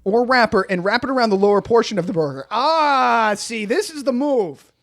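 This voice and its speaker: A man's voice: extremely high pitch, animated, moderate pace, a bit bright, no room sound, studio quality. A young man co-hosting a casual comedy podcast, reading instructions aloud in a mock-serious way and laughing often. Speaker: podcast co-host.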